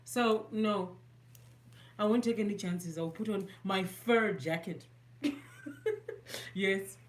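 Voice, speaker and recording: A woman's voice: mid-range voice, takes it slowly. A woman from Zimbabwe with a Zimbabwean accent, chatting casually through a makeup tutorial, self-mocking and mixing English with Shona. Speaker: beauty vlogger.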